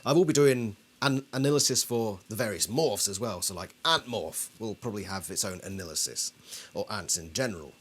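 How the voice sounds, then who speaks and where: A man's voice: fairly low pitch, animated, a little fast, a little hiss or hum. A man hosting a casual commentary video, talking things through and asking his viewers questions. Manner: conversational, asks the audience questions. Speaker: video host.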